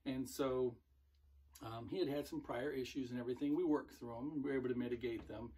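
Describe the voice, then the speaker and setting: A middle-aged man, a former military recruiter, telling stories in a relaxed, rambling way with many fillers. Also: mid-range voice, a little fast, breathy edge. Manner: relaxed, rambling, with frequent fillers and self-corrections. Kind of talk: casual storytelling monologue.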